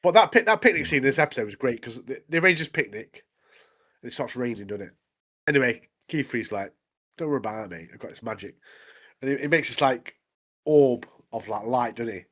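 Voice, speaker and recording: A man's voice: mid-range voice, animated, fairly quick, fairly bright tone. A man, co-hosting a podcast and recapping episodes in an easygoing, often laughing way. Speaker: podcast co-host. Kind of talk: casual chat about anime episodes.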